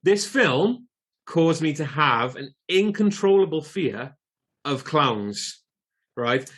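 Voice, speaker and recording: A man's voice: on the high side, animated, takes it slowly, fairly bright tone, husky. A man in his forties co-hosting a podcast, chatting casually with restarts and the odd swear. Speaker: podcast co-host. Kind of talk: casual chat.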